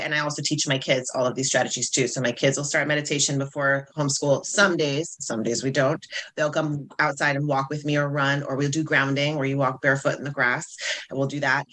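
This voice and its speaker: A woman speaking as a self-esteem coach in a guest interview, telling stories in an animated, upbeat way. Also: low voice. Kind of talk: casual interview chat.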